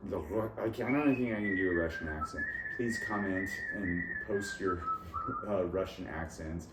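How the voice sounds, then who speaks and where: A man's voice: low voice, normal speed. Rambling man, echoey and far off. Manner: rambling, jumps between topics, laughs at own jokes. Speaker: vlogger. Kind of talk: rambling solo talk about accents. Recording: echoey room, far from mic, noisy.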